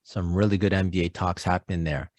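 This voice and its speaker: A man co-hosting a sports podcast in casual chat, relaxed and affirming, with many "uh"s and "um"s. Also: low-pitched, fairly quick, no echo. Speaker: podcast co-host.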